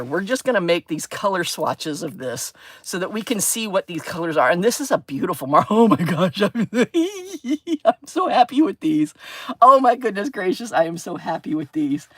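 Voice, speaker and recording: A woman's voice: on the low side, a bit bright, a little hiss or hum. A woman hosting a craft livestream, chatting casually and gushing with delight over her supplies. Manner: bubbly, gushing, squeals of delight. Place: craft table at home.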